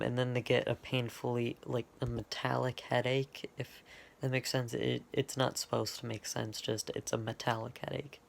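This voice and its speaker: In an off-the-cuff retelling of his own fan lore, a man wanders through the tale, often stopping to fix what he said. He has a mid-range voice with vocal fry.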